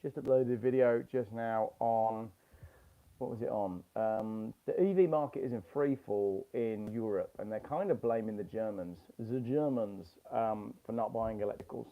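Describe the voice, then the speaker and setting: On a headphone mic, a middle-aged man with a faint Birmingham accent hosts his channel's relaxed live stream from a little home alcove. The sound is phone-quality, and his fairly low voice moves at an ordinary pace. Reading out viewer comments, he wanders from one to the next with lots of fillers and ums.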